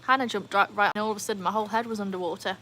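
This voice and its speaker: A woman's voice: mid-range voice, fairly even intonation, racing, pushed and bright, slight background noise, rough recording. A woman chatting casually on a live stream at home, reading out viewer comments. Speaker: livestream host. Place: home, beside a backyard pool.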